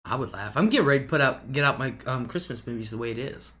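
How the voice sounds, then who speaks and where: A woman's voice: a bass voice, expressive, fast, a bit bright. A woman hosting a casual livestream, chatting loosely, reading viewer comments aloud and laughing often. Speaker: livestream host.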